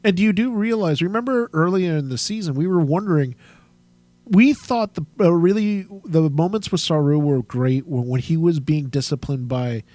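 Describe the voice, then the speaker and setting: A man's voice: fairly high pitch, normal speed, warm tone, no echo. Agreeable man podcast co-host. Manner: agreeable, chuckling, backs up his partner. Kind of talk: casual TV review chat.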